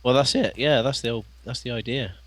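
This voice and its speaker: A man co-playing a let's play, talking casually with frequent laughs and lots of halting fillers. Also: mid-range voice, no room sound. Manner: chatty, laughs often, halting with many fillers. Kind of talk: casual gameplay chat.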